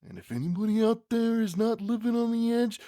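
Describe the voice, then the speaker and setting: A man's voice: high-pitched, fairly quick, warm tone, no room sound, studio quality, pitched above the performer's own voice, lightly acted. A man doing a bellowing wrestling showman. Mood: intense boasting. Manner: bellowing, intense promo delivery. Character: wild, shouting male wrestling showman.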